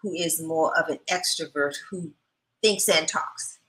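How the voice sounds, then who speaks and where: This is a middle-aged woman co-hosting a relationship talk show, measured and reflective, guiding the talk with questions. Her voice sits fairly low yet sounds bright and clear-edged. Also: poor audio. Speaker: co-host.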